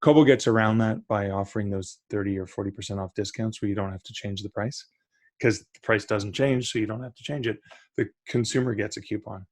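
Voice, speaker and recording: A man's voice: fairly low pitch, steady tone, brisk, a little mellow, no echo. A middle-aged man, a guest on a podcast, talking casually and eagerly about publishing, often restarting his sentences. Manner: enthusiastic, restarts mid-sentence.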